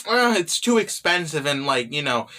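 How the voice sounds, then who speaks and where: A sheepish, eager young husband, as a young man puts him on, stammers and defends himself in a comic manga retelling. The voice sits a little high and bright, close to the reader's own. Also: sing-song, normal speed. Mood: musing.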